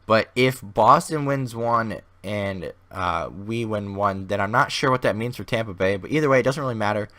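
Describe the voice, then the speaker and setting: A man with a hoarse, fading voice giving casual, rambling commentary over a video game as host of his gaming channel. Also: on the low side, normal speed, few pauses, bright, forceful tone. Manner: rambling, thinks aloud with many restarts.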